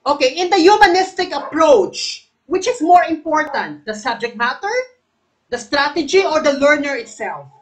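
At a moderate pace, a Filipino woman with a high, expressive voice quizzes viewers in a live exam review, heard through a rough recording. She repeats each question, picks people out by name, and alternates between English and Tagalog.

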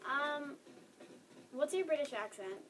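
Excitable high-voiced woman gaming. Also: slow, far from the mic, noisy background. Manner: excitable, chatty, squeals and exclaims often. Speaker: gamer playing with a friend. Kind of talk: casual let's-play chat.

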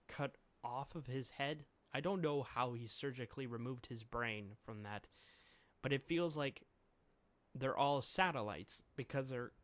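A man's voice: mid-range voice, dry recording. A man with a mid-range voice recaps a comic chapter in a loose, casual way, chuckling often and breaking off to restart his sentences. The sound is dry and close.

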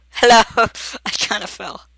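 A man hosts a casual gameplay video, goofy and excitable, giggling often. He talks slowly, with a bright, forceful edge. The sound is dry and close. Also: high voice, creaky, dry recording. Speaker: gaming video host.

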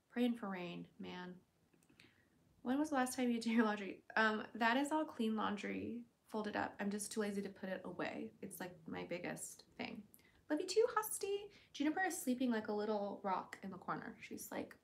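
A woman streamer chatting casually on a livestream, reading viewers' comments aloud and answering them with quick giggles. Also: medium pitch, vocal fry. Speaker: streamer and voice actor.

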